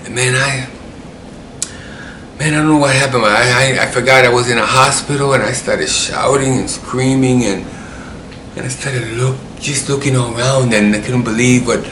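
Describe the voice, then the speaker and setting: A man's voice: medium pitch, fairly even intonation, normal speed, fairly bright tone, reverberant, slight background noise. A man telling a personal story in a rambling way, often repeating himself.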